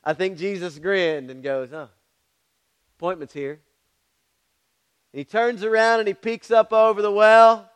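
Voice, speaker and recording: Male preacher, high, smooth and resonant voice, storytelling sermon full of asides to the congregation. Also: fairly even intonation, measured pace, long pauses. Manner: storytelling with frequent "all right?" asides to the congregation; acts out voices in his stories. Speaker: pastor.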